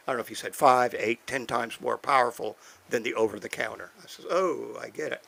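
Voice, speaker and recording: A man's voice: medium pitch, fairly even intonation, fairly quick, vocal fry, sharp tone, rough recording. An older man in a studio, telling a personal story in a folksy, wry way and acting out the conversations. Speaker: podcast co-host. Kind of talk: casual storytelling.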